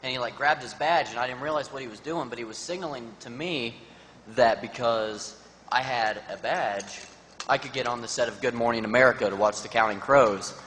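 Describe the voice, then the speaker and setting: A man at mid pitch tells a casual, rambling anecdote full of fillers to a conference audience. The recording carries a long hall reverb and faint background noise. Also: a little fast, a bit bright. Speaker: panelist.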